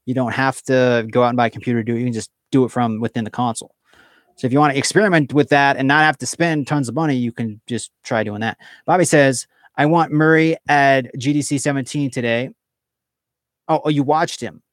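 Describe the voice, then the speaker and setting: A man's voice: medium pitch, brisk, no echo. Guy streaming from home, rambly and casual, lots of likes and ums, mid voice, dry close mic. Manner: rambling, filler-heavy, with frequent restarts. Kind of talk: casual live-stream chat reading viewer comments.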